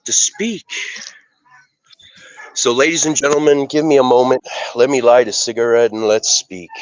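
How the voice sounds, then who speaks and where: A man's voice: medium pitch, dry recording, rough recording. Intense boastful man cutting a promo. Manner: intense, boastful, swearing, building to shouts. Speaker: pro wrestler guest. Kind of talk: in-character wrestling promo.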